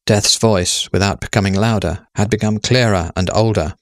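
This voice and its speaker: A man in scripted narration, telling a story in a calm, even way. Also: fairly low pitch, moderate pace, hardly any pauses, no echo, clean studio sound.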